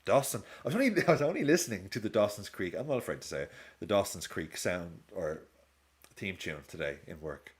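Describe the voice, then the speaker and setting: During a live football watch-along, this man in his thirties reacts to the match, hops from topic to topic, and swears freely. His voice sits low, with lively intonation and a brisk pace.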